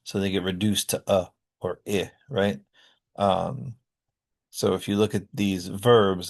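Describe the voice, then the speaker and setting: Man, lecturer, lower pitch, explanatory, filler-heavy. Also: steady tone, measured pace, vocal fry. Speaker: linguistics lecturer. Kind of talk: recorded classroom lecture.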